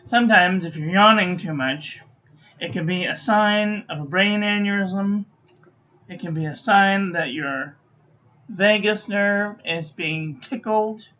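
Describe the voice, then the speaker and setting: A sleepy woman giving dry, low-key commentary while testing ink on paper. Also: slow pace, fairly bright tone. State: sleepy, yawning. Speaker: stationery reviewer. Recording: dull lo-fi recording.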